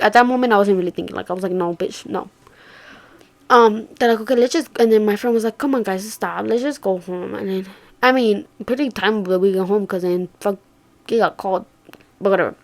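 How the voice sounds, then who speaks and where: A young woman telling a story casually, swearing and slangy, jumping from loud outbursts to hushed murmurs. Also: mid-range voice. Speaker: vlogger.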